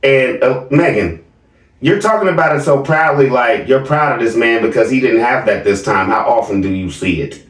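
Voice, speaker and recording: Mocking animated man reacting. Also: medium pitch, normal speed, echoey room, far from the mic. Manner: mocking, animated, laughs often. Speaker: reaction streamer. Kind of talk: casual reaction commentary.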